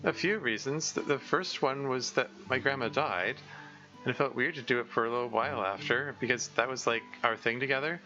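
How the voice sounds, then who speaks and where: A man reading a shy, self-conscious teenage schoolgirl aloud, hesitant and halting. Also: medium pitch, pushed and bright, dull audio, soft background music, natural voice. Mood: bashful.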